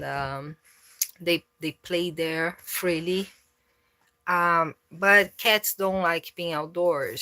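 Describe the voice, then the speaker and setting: A woman vlogging casually about her cats, coaxing them with meows and baby talk between relaxed explanations. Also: fairly low pitch, no room sound. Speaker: cat owner and vlogger. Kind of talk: casual vlog narration.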